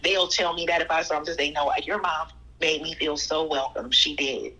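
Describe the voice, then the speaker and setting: A woman's voice: deep voice, moderate pace, poor audio. A woman guest telling personal stories in a conversational way, acting out other people's lines. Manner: animated, quotes people in voices. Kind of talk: conversational storytelling.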